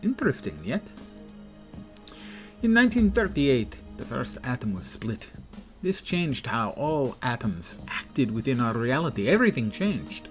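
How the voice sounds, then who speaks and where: A man's voice: mid-range voice, sing-song, unhurried, soft background music. A man putting on an exaggerated Russian accent to voice a cold male scientist lecturing about mutants in a game. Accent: put-on Russian. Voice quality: exaggerated, self-mocking accent. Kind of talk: reading game dialogue aloud.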